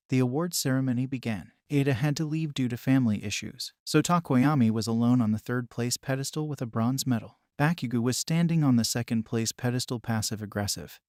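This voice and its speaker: A man doing scripted story narration, reading in an even, measured way. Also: mid-range voice, dry recording, clean studio sound.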